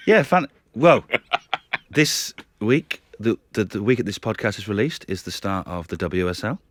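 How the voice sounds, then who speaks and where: A man's voice: lowish voice, animated, unhurried, no room sound. A man co-hosting a casual podcast, laughing often and defending himself playfully against teasing. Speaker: podcast co-host. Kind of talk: casual chat.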